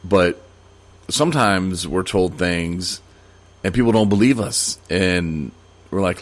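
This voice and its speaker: A man's voice: deep voice, expressive, takes it slowly. A man hosting a podcast, talking casually and rambling, with many fillers and restarts. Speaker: podcast host. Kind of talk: casual solo podcast monologue.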